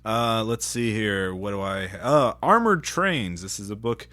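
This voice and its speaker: A man's voice: fairly low pitch, expressive, unhurried, sharp tone. A man co-hosting a podcast, chatting casually in a dry, self-mocking way with frequent restarts. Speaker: podcast co-host. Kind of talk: casual banter about games and media.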